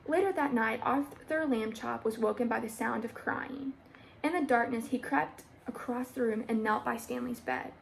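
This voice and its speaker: A young woman reads a children's book aloud in a steady, plain storytelling voice. Her voice is a little high and clearly gravelly, with a faint hiss underneath. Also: normal speed, rough recording. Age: young adult. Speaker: storybook reader.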